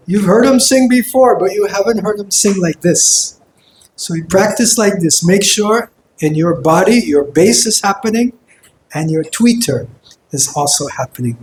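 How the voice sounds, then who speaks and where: His voice sitting high, a kirtan teacher runs a vocal workshop for a group, modeling sounds with sung vowels. The recording has roomy hall echo and a little hiss or hum.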